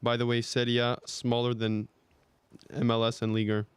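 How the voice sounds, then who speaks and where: A man's voice: medium pitch, completely flat delivery, moderate pace, smooth, dry recording. A man co-hosting a live football watchalong, firing off dry one-liners. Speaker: co-host. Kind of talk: casual football watchalong banter.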